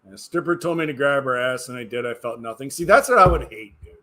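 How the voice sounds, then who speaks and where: A man's voice: medium pitch, expressive, fast talker, bright, forceful tone. A tired man chatting casually on a livestream, rambling and hesitant, often trailing off into mumbles. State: tired, yawning. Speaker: livestreamer reading chat.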